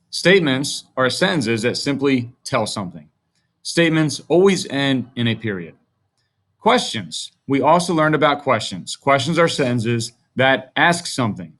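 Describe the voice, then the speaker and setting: A man's voice: medium pitch, fairly bright tone. A man teaching a grammar lesson to young children, speaking in a patient, friendly way.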